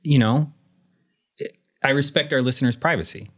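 A man's voice: medium pitch, fairly bright tone. A man co-hosting a podcast in casual chat, teasing dryly and correcting his partner. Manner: dry teasing, quick corrections. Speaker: podcast co-host.

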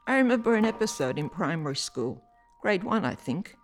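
A woman's voice: fairly low pitch, sing-song, faint music behind. Woman reading a reflective personal essay. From Italy. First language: Italian. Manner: measured, deliberate reading with pauses. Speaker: artist. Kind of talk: reflective scripted narration.

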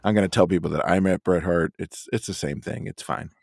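A man with a low, deep voice co-hosts a podcast in relaxed, joking chat. He laughs easily and keeps the talk light. The sound is dry and close to the mic. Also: brisk, vocal fry, no echo. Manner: joking, easygoing. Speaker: podcast co-host. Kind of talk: casual chat.

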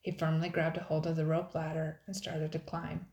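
An older woman with a notably low voice reads a children's storybook aloud, measured and expressive. Her voice carries a roomy echo around it. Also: muffled recording. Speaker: storybook reader. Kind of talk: children's audiobook narration.

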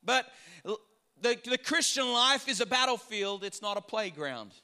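A pastor preaching a sermon to his church, with a very high voice for a man. His tone is bright and forceful, and he hammers home repeated phrases while leading the congregation in call-and-response. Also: lively intonation, a little slow.

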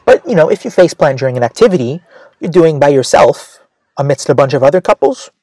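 A man's voice: a little high, expressive, brisk, a little mellow, no echo. Rambling male comedian telling a story. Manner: rambling, self-mocking, many "right?" asides.

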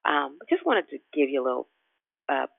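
A woman's voice: very deep voice, sing-song, normal speed, vocal fry, breathy edge, no room sound. Exuberant woman on a phone line. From Richmond, Virginia. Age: 50s. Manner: exuberant, folksy, laughs often. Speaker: prayer call host. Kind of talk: devotional talk on a prayer call. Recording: tinny phone line, dry.

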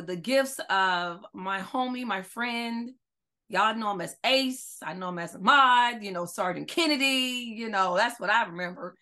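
A woman hosting a casual podcast interview, excited and chatty, often restarting her words. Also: medium pitch. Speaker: podcast host.

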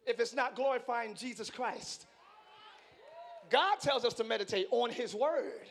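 A pastor preaching a live sermon to his congregation, excitable and playful, swinging from quiet asides to shouting and teasing the crowd. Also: very high-pitched, measured pace. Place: large church hall.

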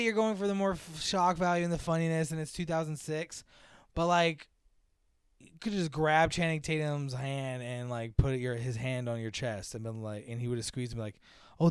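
A man co-hosting a casual movie podcast, joking crudely and slipping into quick voices when he quotes characters. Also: on the high side, steady tone, clear, resonant tone, no room sound, studio quality. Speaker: podcast co-host.

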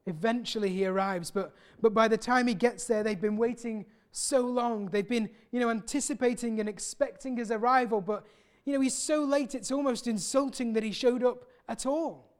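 A man's voice: very high-pitched, fairly even intonation. Earnest male preacher giving a sermon. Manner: earnest, with many pauses and restarts.

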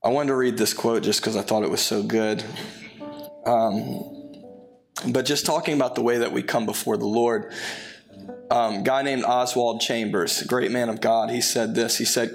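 A man preaching a sermon in a relaxed, conversational way, with friendly asides and filler words. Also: medium pitch, moderate pace, gravelly, soft background music. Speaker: pastor.

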